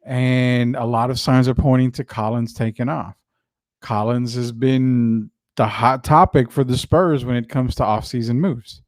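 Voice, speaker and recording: A man hosting a casual sports talk show, chatting in a loose, drawn-out, questioning way. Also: mid-range voice, fairly even intonation, dry recording, clean studio sound. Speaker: sports podcast host.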